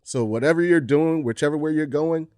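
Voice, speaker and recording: A man in a casual podcast chat, talking in a measured way as he reasons things through. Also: on the high side, darkish tone, dry recording, clean studio sound. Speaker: podcast co-host.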